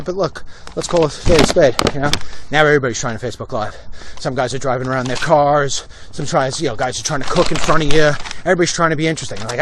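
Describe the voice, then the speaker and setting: Outdoors on a residential street, a middle-aged man with a voice on the high side talks fast over background noise. He's hosting a walk-and-talk live stream, delivering a blunt, opinionated political rant into his phone as he walks.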